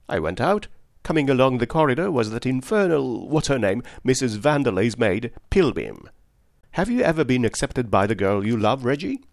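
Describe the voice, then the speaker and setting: A man voicing a jittery young gentleman. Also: mid-range voice, creaky, no room sound, clean studio sound. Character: frazzled young gentleman, jumpy and rambling.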